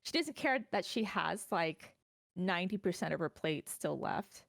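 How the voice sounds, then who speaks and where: A woman's voice: fairly low pitch, expressive, normal speed, gravelly, fairly bright tone, no echo, studio quality. Woman player rambling through her scene. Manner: rambling, many fillers, casual swearing. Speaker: tabletop game player. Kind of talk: casual in-character narration.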